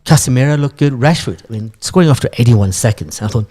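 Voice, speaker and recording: A man's voice: mid-range voice, lively intonation, fast, warm tone. A man co-hosting a sports radio show, chatting casually and poking fun at his own bets. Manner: chatty, self-deprecating about his bets.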